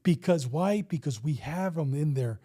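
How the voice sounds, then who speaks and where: A man's voice: fairly high pitch, animated, moderate pace, mellow, breathy edge. A man in his fifties, a retired police officer, telling a story in a casual interview and acting out the dialogue with some swearing.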